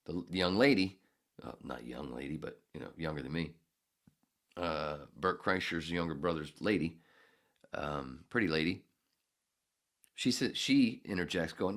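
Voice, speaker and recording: Deep-voiced older man rambling profanely. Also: animated, normal speed, long pauses, a bit bright. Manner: profane, meandering, loses his place. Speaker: podcast host. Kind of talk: rambling storytelling monologue.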